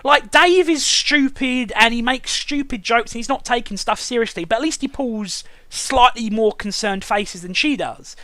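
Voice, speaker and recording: A man's voice: very high voice, moderate pace, few pauses, pushed and bright, no echo. A man hosting a casual review chat, ranting sarcastically and swearing often. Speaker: show reviewer and host.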